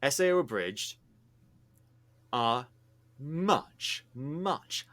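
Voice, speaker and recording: A man's voice: medium pitch, very animated, takes it slowly, a bit bright. A man co-hosting a casual podcast chat, talking in an emphatic, teasing way. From not American. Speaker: podcast co-host.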